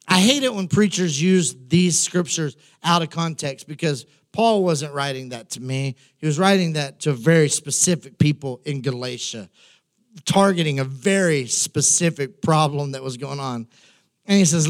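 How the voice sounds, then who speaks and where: A man's voice: high voice, expressive, normal speed. A man, preaching a conversational sermon as pastor, with emphatic repetition and asides to his congregation.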